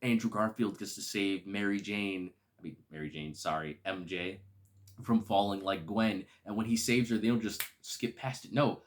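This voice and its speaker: A man casually reviewing a film, excitable and gushing, with slangy, enthusiastic speech. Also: lowish voice, normal speed.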